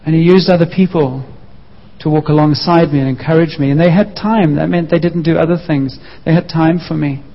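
A man's voice: on the high side, steady tone, a little fast, creaky. A man preaching a sermon, sharing his own story in an earnest, personal way. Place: church. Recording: muffled echoing church hall.

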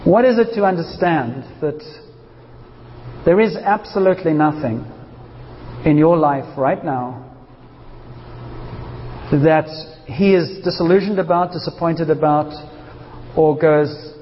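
A man's voice: a little high, takes it slowly, long pauses. A man from South Africa preaching a sermon in an informal, joking way and speaking straight to his congregation. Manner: informal and joking, talks to the audience. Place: church hall. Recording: dull reverberant hall.

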